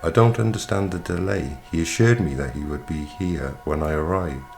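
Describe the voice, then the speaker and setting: A man's voice: rumbling low, moderate pace, creaky, a little mellow, faint music behind. A man reading a polite, hesitant professor. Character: polite, puzzled male professor.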